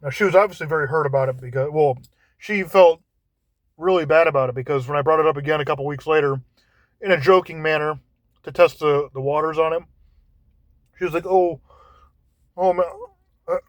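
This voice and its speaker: A man talking in a casual monologue, halting and often repeating words as he searches for how to phrase things. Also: on the high side, dry recording.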